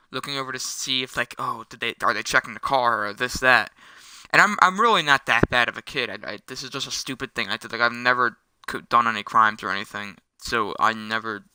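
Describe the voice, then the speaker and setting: Young guy rambling thru a story while gaming, super bright crisp voice, dry close sound. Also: medium pitch, no echo. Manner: rambling with many restarts and quick self-corrections. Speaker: storytelling vlogger.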